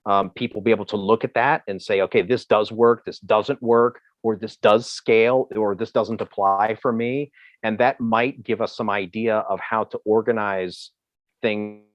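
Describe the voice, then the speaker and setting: A man from Ohio answering questions as a presenter in a video call, talking in a halting way with many fillers and restarts. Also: on the low side, fairly even intonation, no room sound, muffled recording. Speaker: presenter on emergency communications. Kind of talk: Zoom Q&A answer.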